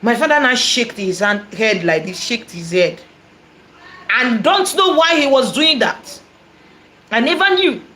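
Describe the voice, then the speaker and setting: A woman with a Nigerian accent, a prophetess telling a personal testimony in an animated, repetitive way, dropping in Igbo phrases. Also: a little high, a little slow. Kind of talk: testimony storytelling.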